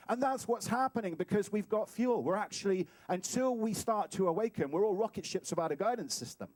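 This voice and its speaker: A man giving a sermon as a guest speaker, animated and playful, acting out little scenes as he talks. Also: high voice, a little fast, few pauses, no echo. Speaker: guest speaker at a spiritual center. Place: talk hall.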